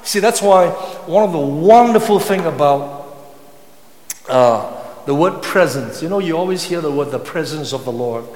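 A man preaching a sermon with passion, sometimes rising to loud cries. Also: on the high side, lively intonation, a little slow, long pauses. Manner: impassioned, rising to shouts when voicing psalm cries. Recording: echoey hall with long reverb.

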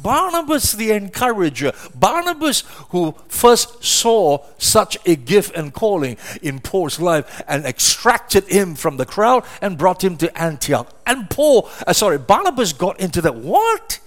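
A middle-aged pastor preaches in a notably high voice. He leans on rhetorical questions and repeats words as he drives each point home. His delivery is emphatic and earnest. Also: sing-song, a little slow, few pauses. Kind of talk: sermon.

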